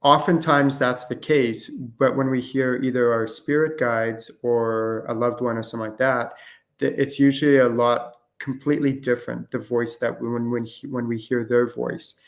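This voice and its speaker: A man's voice: medium pitch, fairly even intonation, moderate pace. Rambling casual man hosting a live Q&A. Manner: casual, rambling with many fillers and restarts. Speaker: host and spiritual channeling teacher. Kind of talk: live-streamed Q&A talk.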